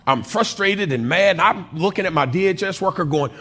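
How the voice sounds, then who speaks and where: A man from Oklahoma telling a personal story as a guest speaker in a church chapel, with dramatic swings in loudness and pitch. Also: expressive, normal speed, hardly any pauses, husky. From Oklahoma, USA.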